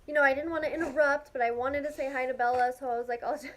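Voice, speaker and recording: A young woman telling a story to her camera in a casual, gushing, excitable way, filling her talk with "like". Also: sits high, rapid-fire, slight background noise. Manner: gushing, excitable, heavy use of "like". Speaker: vlogger.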